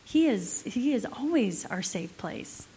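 A woman's voice: fairly high pitch, expressive, takes it slowly, warm tone, husky. A woman teaching couples about marriage in an encouraging manner, listing her points one by one. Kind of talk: teaching to a live group.

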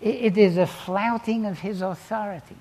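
A man preaching a sermon, telling the story dramatically and swinging between loud exclamations and quiet asides. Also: sits high, normal speed.

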